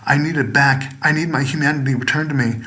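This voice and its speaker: A man's voice: on the high side, fairly even intonation, fast talker, bright, forceful tone. A man voicing a frightened man losing his humanity, with a strained, panicked and pleading voice.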